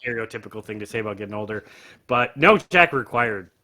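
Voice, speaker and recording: A man in his thirties speaks in a bright, forceful voice as a guest on a casual chat. He gives blunt, opinionated verdicts and laughs often, talking from his home bar. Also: on the low side, expressive, fast talker. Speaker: podcaster guest.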